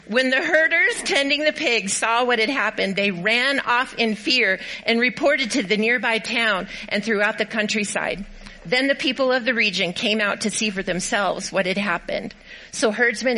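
A woman's voice: a little high, moderate pace, sharp tone, rough recording. A woman pastor giving a sermon, cheerfully directing volunteers through a skit and reading scripture aloud. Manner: upbeat and encouraging.

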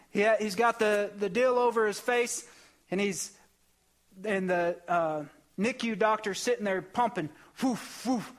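Male preacher, young, fairly high voice, impassioned testimony delivery with surging emphasis. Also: bright, forceful tone. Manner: emotional, impassioned storytelling with rising bursts. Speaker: pastor. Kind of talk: sermon testimony.

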